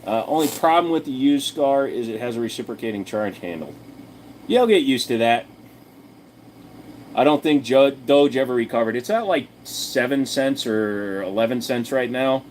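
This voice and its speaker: Slight background noise sits under a man's medium-pitched voice as he hosts a casual livestream at a moderate pace. Speaking straight to viewers, he's chatty, blunt and profane, rambling through chat replies with many fillers.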